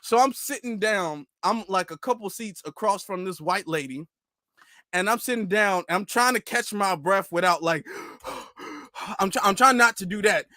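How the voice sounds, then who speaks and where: A young man vlogging, telling a story casually to camera in an animated, laughing way with loose slang. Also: sits high, moderate pace, no echo, studio quality.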